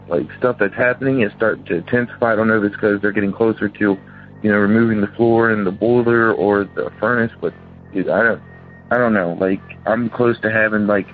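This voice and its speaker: A man in his thirties, a caller rambling through a ghost story and acting out the voices of the people in it. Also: fairly low pitch. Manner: rambling, acts out quoted voices. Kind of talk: casual phone-in storytelling. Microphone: phone. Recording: tinny phone line with faint music.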